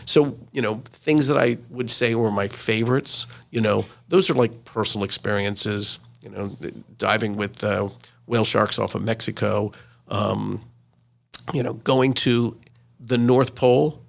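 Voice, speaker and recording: A man in his sixties, a retired news correspondent, telling lively anecdotes as an interview guest, with many fillers. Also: on the low side, measured pace, gravelly. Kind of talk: interview storytelling.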